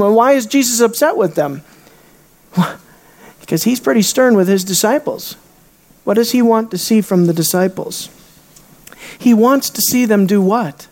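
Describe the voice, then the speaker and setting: A preacher in the middle of a sermon, firing rhetorical questions at the congregation. The delivery lurches from loud, raised emphasis down to hushed, low asides and back again. It is the voice of someone working the room from the pulpit. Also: lively intonation, measured pace, long pauses. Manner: dramatic swings between loud high emphasis and quiet low asides.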